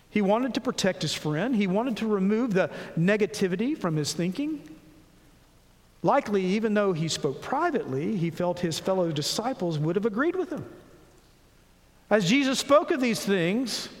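Male pastor, high voice, expressive sermon delivery, echoing sanctuary. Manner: expressive preaching, acting out quoted voices. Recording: long hall reverb.

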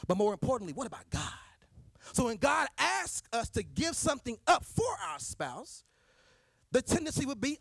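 A man's voice: extremely high pitch, sing-song, moderate pace, vocal fry, fairly bright tone, slightly rough, no room sound, clean studio sound. A man preaching a sermon, driving points home with repeated rhetorical questions.

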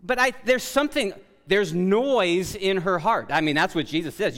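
A man preaching a sermon as pastor, loud and emphatic, often correcting himself mid-sentence. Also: sits high, unhurried. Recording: long reverb of a large hall.

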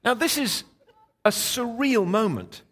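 A middle-aged man preaching as a guest, telling a story in a lively, animated way and voicing the people in it. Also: very high voice, slow pace, husky. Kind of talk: sermon storytelling.

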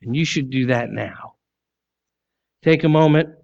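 A pastor preaches with emphasis, his fairly high male voice firing off rhetorical questions and then sinking low and soft to drive a point home. The sermon recording is dull and a little lo-fi. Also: measured pace, gravelly.

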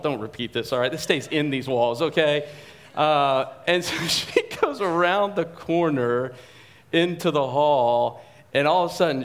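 A man in his forties preaching a sermon as pastor, telling a family story in a chatty, animated way. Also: fairly high pitch. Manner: anecdotal, chatty and animated, frequent restarts.

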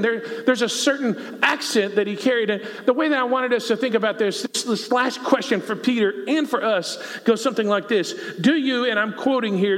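A man's voice: high-pitched, moderate pace, fairly bright tone. A man with a Texan accent preaching a sermon to his church, talking conversationally and asking the congregation questions. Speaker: pastor. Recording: long reverb of a church hall.

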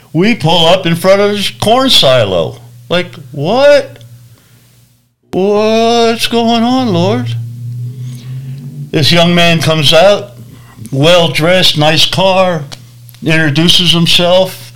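Man, preacher, storytelling, slightly high voice, unhurried, acts out the voices. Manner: animated storyteller acting out voices and reactions. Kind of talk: storytelling testimony.

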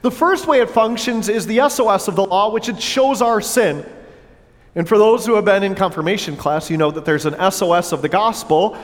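A man's voice: high voice, fairly quick. Man, pastor, earnest sermon with joking asides, long reverb of a church hall. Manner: earnest preaching with playful asides to the congregation. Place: church sanctuary. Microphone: wireless headset or lapel mic with battery pack.

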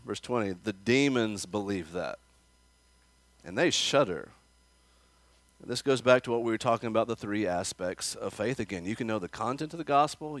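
A man preaches a conversational sermon, now and then putting questions to the children and the congregation. His voice sits at a middle pitch. The sound is dry and close, with little trace of the room. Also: no echo. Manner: acts out quoted voices with rising emphasis. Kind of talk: expository sermon. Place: church.

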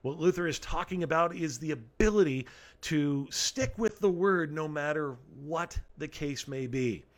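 A man's voice: on the high side, expressive, unhurried. A man preaching a sermon, reading scripture aloud and explaining it in an earnest, emphatic way, often repeating key phrases.

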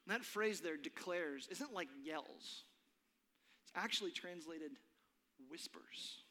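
A man preaching a sermon, dramatic and earnest, dropping his voice low for effect. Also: slow, bright, forceful tone. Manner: dramatic, drops to a whisper for effect. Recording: long reverb of a large hall.

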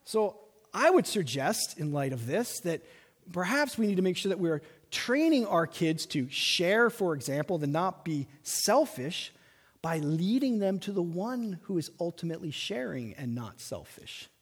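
A man preaching a sermon as pastor, animated, slowing down to stress his points. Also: high-pitched, slightly rough. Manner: animated preaching with slow emphatic stretches. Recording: long reverb of a large hall.

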